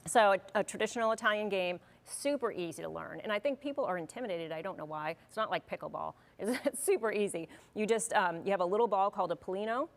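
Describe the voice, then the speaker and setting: A woman's voice: medium pitch, quick pace, few pauses. A woman being interviewed as a guest in a studio, friendly and plain-spoken, laughing now and then. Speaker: festival organizer guest.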